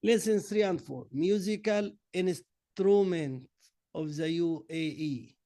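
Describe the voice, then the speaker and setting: A man's voice: a little high, warm tone, no room sound. A man who is a native Arabic speaker with an Egyptian accent, teaching an English workbook lesson and reading answers out one word at a time. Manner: slow, drilling answers word by word.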